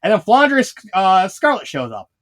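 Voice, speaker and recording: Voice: medium pitch, huge pitch swings, unhurried, fairly bright tone. A fanfiction reviewer talking casually, rambling with many restarts and fillers and laughing often while retelling scenes.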